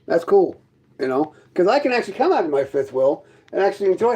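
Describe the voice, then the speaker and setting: A man's voice: high-pitched, big pitch swings, quick pace, mellow, slightly rough, low-quality recording. A man hosting a casual livestream from his trailer, mocking and arguing with his chat in a sarcastic, combative way. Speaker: livestream host chatting with viewers. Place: inside his fifth-wheel trailer.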